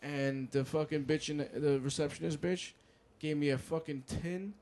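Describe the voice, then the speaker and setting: A man's voice: fairly high pitch, fairly even intonation, normal speed, darkish tone. A man co-hosting a casual podcast, telling rambling, profane stories. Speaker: podcast co-host.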